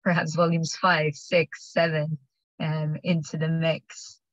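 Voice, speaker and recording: A woman hosting and moderating an online academic panel, measured and using many filler ums, speaking on a video call. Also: deep voice, little pitch movement, no room sound. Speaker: host and moderator. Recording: dry, dull video-call audio.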